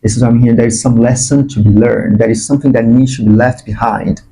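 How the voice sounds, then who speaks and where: A man giving an earnest, spiritual channeled tarot reading, sometimes breaking into excited bursts. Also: medium pitch, fast, slight background noise, rough recording. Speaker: tarot reader.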